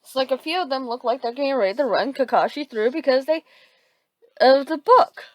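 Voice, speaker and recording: A woman improvising a fan fiction story aloud, halting with many restarts and fillers. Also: high voice, expressive, no room sound, low-quality recording.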